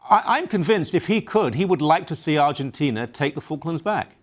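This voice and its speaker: A man's voice: fairly high pitch, expressive, a little fast. A man hosting a talk radio interview, asking assertive, opinionated questions. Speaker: radio talk show host.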